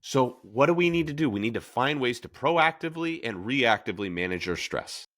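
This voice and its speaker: A man's voice: mid-range voice, lively intonation, a little fast, a bit bright. A man hosting a podcast in a casual discussion, telling stories with animation and acting out quoted lines. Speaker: podcast host.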